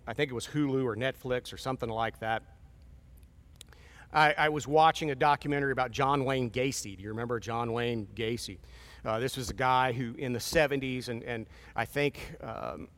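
A man's voice: medium pitch, fairly bright tone. A man in his fifties preaching a sermon in a conversational, storytelling way with wry asides. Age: 50s.

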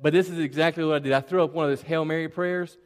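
A man with a high voice preaches to children in a church. He tells his stories in a chatty, animated way and often repeats words. A long reverb from the large hall trails his voice. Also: fast talker, clear, resonant tone. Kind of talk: children's sermon storytelling.

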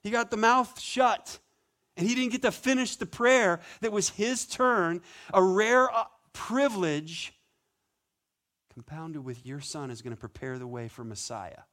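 A man preaching a sermon as pastor, conversational and animated, with playful asides. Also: high-pitched, measured pace.

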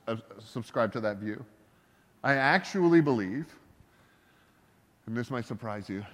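A pastor delivers his sermon in an easygoing, joking manner, slipping in asides and laughing at his own stories. His voice sits in an ordinary middle pitch for a man. The sound carries a long reverb from a large church hall.

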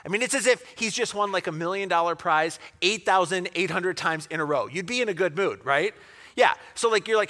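Animated, bright-voiced male preacher. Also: high voice, a little fast. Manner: animated storytelling with asides and rhetorical questions. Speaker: pastor. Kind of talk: sermon.

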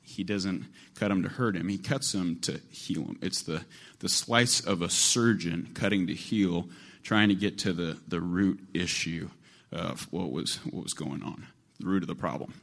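A male preacher delivers a sermon in a relaxed, conversational way. His voice sits on the low side. He repeats phrases and stacks them to build his point. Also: normal speed, gravelly. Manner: conversational, repetitive, building emphasis.

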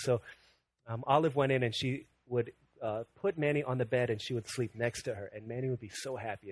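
A young male pastor with a fairly high voice tells a story from his family life in a sermon, playing each person's lines and repeating phrases to drive his point home. The sound is close and dry, with almost no room echo.

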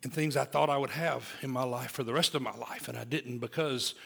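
Gravelly, bright-voiced male preacher. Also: medium pitch, a little fast. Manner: lively, joking, swings from loud emphasis to hushed asides. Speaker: pastor. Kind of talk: sermon.

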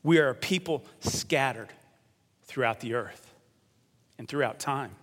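A male pastor preaching a sermon in a church. He leads the congregation in call and response and drops to a hush on key words. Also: medium pitch, unhurried. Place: church sanctuary. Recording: long reverb of a large church.

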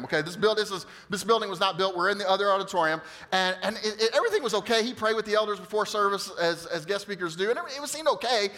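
A male pastor telling a funny story in a sermon, animated and jokey, acting out the quotes. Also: high voice. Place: church auditorium.

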